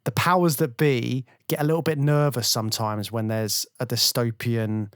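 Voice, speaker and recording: A man's voice: medium pitch, steady tone, normal speed, smooth, no room sound, clean studio sound. A man co-hosting a film podcast, talking casually with the odd sarcastic aside. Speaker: podcast co-host.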